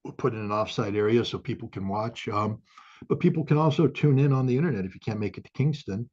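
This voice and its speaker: Male guest, halting and filler-heavy, prone to fiery bursts; husky, muffled recording. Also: on the low side, darkish tone. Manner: halting, many fillers, swells into fiery outbursts. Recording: dull lo-fi audio.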